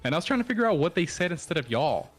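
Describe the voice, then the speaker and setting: A man's voice: a little high, sing-song, rapid-fire, faint music behind. Brief: male guest, curious and laid-back, laughs a lot. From Texas. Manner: curious, chuckling, easygoing. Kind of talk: casual chat.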